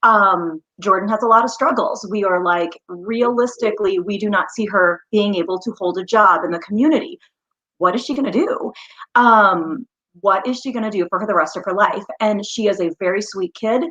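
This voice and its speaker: A woman's voice: medium pitch, normal speed, fairly bright tone. A woman speaks as a guest on an interview show, earnest and heartfelt as she tells her story. Her audio comes through slightly muffled and dull, as on a remote call. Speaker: guest, mother and small business founder.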